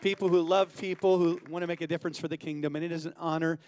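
A middle-aged man from California preaching a sermon as a guest pastor, energetic and joking, calling for amens. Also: fairly high pitch, quick pace, smooth.

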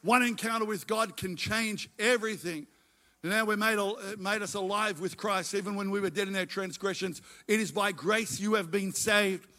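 A man's voice: sits high, steady tone, moderate pace, sharp tone. A middle-aged man preaching a sermon, emphatic and repeating his phrases as he tells his own story. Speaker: pastor.

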